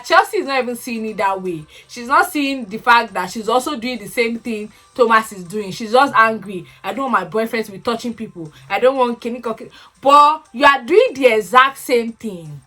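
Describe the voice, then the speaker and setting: A woman giving a casual, animated recap of a reality show, laughing and exclaiming as she talks. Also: a little high. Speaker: reality TV commentator.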